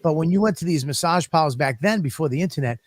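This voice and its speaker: A man with a fairly high voice tells crude stories in a loose, rambling way, swearing all the time. He sounds close to the mic in a dead-dry room with no echo at all. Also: animated, fast talker. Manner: crude, profane, rambling storyteller. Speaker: podcast co-host. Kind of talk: casual comedic chat.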